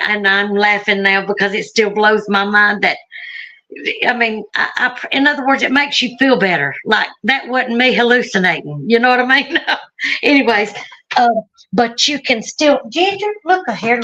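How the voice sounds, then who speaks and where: A woman's voice: medium pitch, normal speed, pushed and bright, lo-fi sound. A woman from Alabama with a Southern accent, telling her story in a chatty, rambling way with frequent laughs. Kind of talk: casual storytelling on a live stream.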